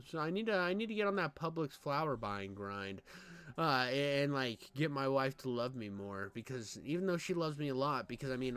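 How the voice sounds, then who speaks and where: A young man streaming crude, excitable comedic commentary as he reacts to clips, swearing freely and breaking into shouts. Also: medium pitch, clean tone. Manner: loud, excitable, profane, bursts into shouts.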